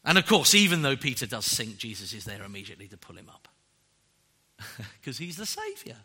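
A man preaching a sermon, emphatic and animated, often tagging rhetorical questions onto his points. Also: mid-range voice, brisk, slightly rough. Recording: long hall reverb.

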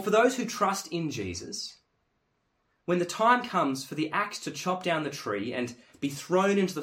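A man preaching a sermon in an earnest, emphatic way, dropping to hushed tones and then rising to forceful stress. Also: high-pitched.

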